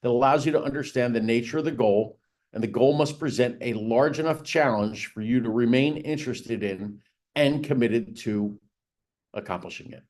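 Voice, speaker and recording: A man's voice: medium pitch, normal speed, a little mellow. A man teaching a business planning session for real estate agents, talking in a conversational way and stressing key points with rising emphasis. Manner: conversational, repeats "right?" and "again". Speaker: real estate coach and trainer. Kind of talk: training seminar talk.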